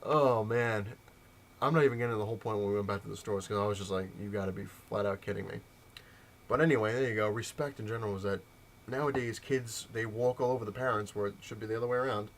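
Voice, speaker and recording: A man ranting in a casual vlog, telling a story with heated, animated mimicked dialogue. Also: lowish voice, rapid-fire, slight background noise. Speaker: comic collector vlogger.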